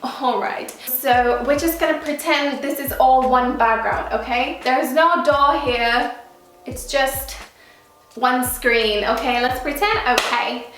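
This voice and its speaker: A woman's voice: high-pitched, takes it slowly, a bit bright, a little hiss or hum. A woman hosting a casual try-on vlog at home, playful and chatty, sometimes breaking into song. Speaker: YouTuber. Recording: very echoey room, faint music.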